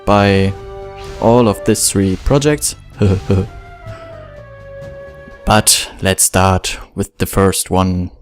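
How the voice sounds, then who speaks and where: A man from Germany with a German accent, giving relaxed, self-deprecating commentary while playing a video game. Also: deep voice, extremely slow, long pauses, faint music behind. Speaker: let's play gamer. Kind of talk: casual gameplay commentary.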